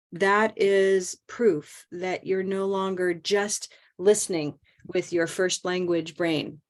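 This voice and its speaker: A woman teaching English pronunciation in an online group lesson, encouraging and stretching out stressed words slowly. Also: fairly low pitch, darkish tone.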